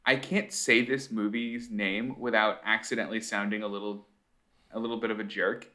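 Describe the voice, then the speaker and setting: A man's voice: on the low side, little pitch movement, moderate pace, bright, forceful tone. A man co-hosting a casual podcast over a video call, enthusiastic and self-deprecating. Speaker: podcast co-host. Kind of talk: casual chat.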